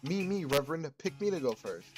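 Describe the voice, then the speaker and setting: A man voicing a loud, theatrical woman who accuses a rival with brash, showy talk. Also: on the high side, big pitch swings, fairly quick, voice pushed up. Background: game music.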